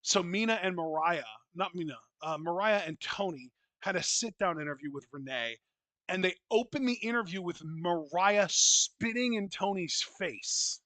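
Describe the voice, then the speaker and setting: This wrestling podcast co-host has a fairly high, bright, sharp voice and chats casually without a script at a normal speed. He's blunt, opinionated and swears freely, often restarting his thoughts and looping back. The recording is close and dry, with no room sound at all.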